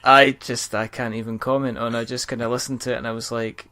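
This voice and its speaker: A man's voice: medium pitch, level tone, quick pace, sharp tone, clean tone. A man hosting a casual podcast interview, teasing his guests and laughing often. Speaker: podcast host.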